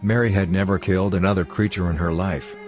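A man narrating a story in a steady, measured scripted reading. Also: sits low, faint music behind. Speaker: audiobook narrator.

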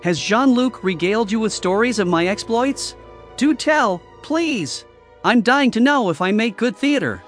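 A man's voice: high voice, expressive, a little slow, faint music behind, voice pushed up. A man reading a story, voicing a smug, theatrical omnipotent male entity who mocks and teases. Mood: mocking. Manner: arch, teasing.

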